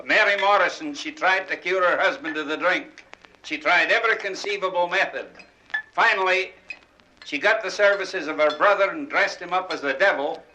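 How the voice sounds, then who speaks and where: A man's voice: sits high, pushed and bright, slight background noise, poor audio. A man with a Scottish accent telling jokes to a party crowd in a folksy style, chuckling as he goes. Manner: chuckling, folksy storytelling in dialect. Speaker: comedian.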